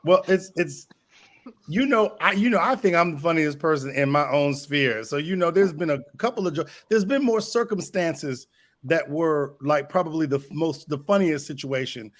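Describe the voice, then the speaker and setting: A man's voice: on the high side, moderate pace. A man comedian telling a story-style joke in a rambling way, saying "you know" often. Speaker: comedian guest.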